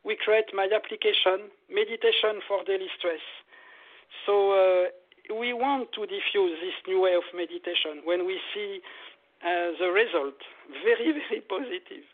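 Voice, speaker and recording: High-voiced man over a phone-like line. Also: moderate pace. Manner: animated, repetitive, laughs often. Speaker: meditation teacher, guest. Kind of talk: casual interview.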